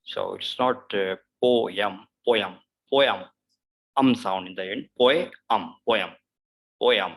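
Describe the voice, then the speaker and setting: Man, pronunciation teacher, low gravelly voice, repeats each word several times, loose and chatty. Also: takes it slowly, poor audio. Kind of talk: online pronunciation lesson.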